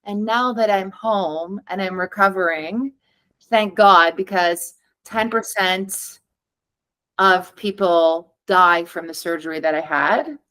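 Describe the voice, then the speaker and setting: A woman's voice: on the low side, steady tone, slow, bright, forceful tone, poor audio. A woman guest on a podcast, telling her own story in a candid, chatty way and acting out the dialogue she quotes. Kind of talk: conversational storytelling.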